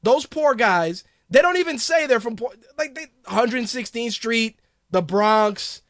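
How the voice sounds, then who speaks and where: High-voiced guy ranting on his podcast, swearing a lot, sarcastic, dry close mic. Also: animated, measured pace, fairly bright tone, no room sound. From Hispanic background. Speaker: podcast host. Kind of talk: ranting casual commentary.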